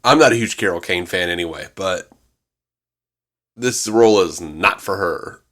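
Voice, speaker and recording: A man's voice: deep voice, normal speed, fairly bright tone. A man co-hosting a podcast in casual review chat, blunt and mocking, often laughing. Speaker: podcast co-host.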